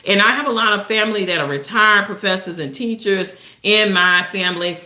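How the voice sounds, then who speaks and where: An older woman hosting a live storytime stream, chatting to viewers with an encouraging, preacher-like rhythm and frequent "right?" tags. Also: a little fast. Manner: warm, encouraging, preacher-like cadence with lots of "right?" tags and big pitch swings. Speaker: livestream storytime host. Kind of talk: casual live-stream chat. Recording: roomy echo.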